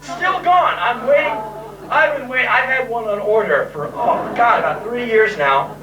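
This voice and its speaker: On a pub stage before an audience, a man in his thirties performs spoken word, telling a sarcastic, self-mocking story and swearing freely. His very high-pitched voice is expressive at normal speed, heard over music and crowd noise with the highs cut off. The recording is an echoey, distant, noisy live bootleg tape.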